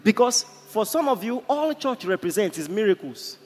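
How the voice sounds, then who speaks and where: A man's voice: high-pitched, very animated, normal speed, a little mellow, husky, faint music behind. A man with a Nigerian accent preaching a sermon in an impassioned, storytelling way. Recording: echoey hall, faint ambience.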